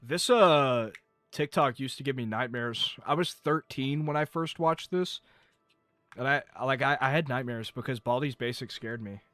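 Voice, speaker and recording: A man's voice: mid-range voice, normal speed, a bit bright, no echo. Rambling young man streamer, faint music behind. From North Carolina, US. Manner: rambling, swearing, self-mocking. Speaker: live streamer. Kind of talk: casual live-stream chat.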